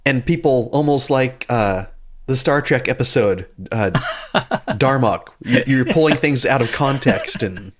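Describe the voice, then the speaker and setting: A man's voice: medium pitch, unhurried. A man co-hosting a podcast, talking with enthusiasm and plenty of restarts. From North America. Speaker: podcast co-host. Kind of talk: casual podcast chat.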